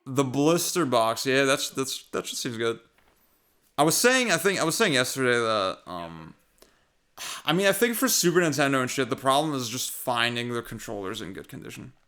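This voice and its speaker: Young guy streaming, californian sounding, rambly, trails off, swears a lot, kinda bright voice. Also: mid-range voice, very animated, normal speed, clean tone. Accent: Californian-sounding American. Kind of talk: casual stream chat while gaming.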